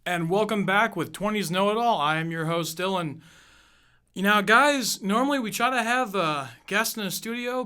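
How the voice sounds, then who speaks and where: A man's voice: high-pitched, sharp tone, smooth. A man in his twenties hosting a podcast, ranting bluntly and heatedly with constant swearing. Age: 20s. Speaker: podcast host. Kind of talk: profane ranting podcast monologue.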